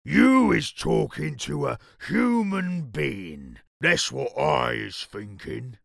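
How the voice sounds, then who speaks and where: A man voicing a brutish, bullying giant who booms his words slowly in a storybook reading. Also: big pitch swings, gravelly, dry recording, studio quality, heavily acted. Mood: angry booming. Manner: slow, loud, booming, drawn out.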